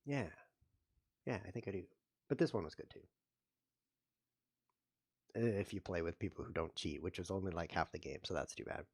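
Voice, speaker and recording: A man hosting his own show, commentating his chess games with playful mock-outrage, muttering one moment and loudly protesting the next. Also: deep voice, animated, moderate pace, long pauses, husky. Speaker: host. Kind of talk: live chess game commentary.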